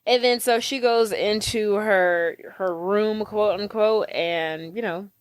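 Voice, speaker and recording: A woman's voice: mid-range voice, slow pace, clear, resonant tone, no room sound. A woman co-hosting a podcast, playfully retelling a film and voicing the characters' lines. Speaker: podcast co-host. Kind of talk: casual movie recap chat.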